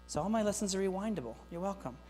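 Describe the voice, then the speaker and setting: A middle-aged man giving a lively, joking keynote talk to teachers, speaking straight to the audience. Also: sits high, rapid-fire. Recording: long hall reverb with faint mains hum.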